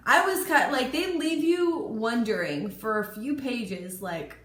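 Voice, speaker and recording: A woman chattily retelling a book in a casual vlog, animated and exclamatory, with lots of "like" as filler. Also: on the high side, unhurried, hardly any pauses. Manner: chatty retelling, heavy use of "like". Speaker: book vlogger. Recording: echoey room with faint noise.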